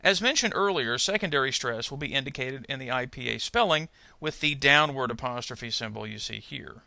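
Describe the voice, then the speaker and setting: Gravelly, bright-toned man teaching pronunciation. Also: mid-range voice, animated, no room sound. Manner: measured, explanatory, careful. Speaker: adult ESL pronunciation teacher. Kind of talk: instructional narration.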